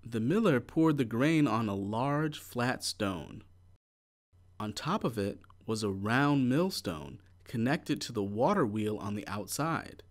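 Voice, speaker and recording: A man reading a children's picture book aloud, taking his time over each phrase. His pitch rises and falls a great deal, and his pace is unhurried and clear. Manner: slow, clear, expressive storytelling. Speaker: storybook reader.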